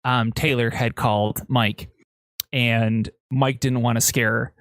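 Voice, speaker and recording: A man at a middle pitch tells a story on a podcast in loose, halting bursts, circling back with fillers and restarts. He sounds excitable, and his voice is close and completely dry, with no room sound at all. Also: no echo. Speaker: podcast co-host. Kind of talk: casual chat, storytelling.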